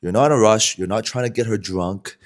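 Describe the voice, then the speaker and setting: A man with a very low, deep voice tells a story casually to the camera. He rambles in a relaxed way and fills his talk with "you know" and "like.". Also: fairly quick. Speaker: vlogger.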